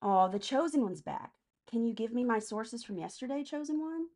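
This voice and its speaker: A woman's voice: on the high side, animated, moderate pace, a little mellow. Blunt woman streamer answering chat. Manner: blunt and profane, answers chat commenters by name. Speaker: live stream host. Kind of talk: casual political live stream, reading chat comments.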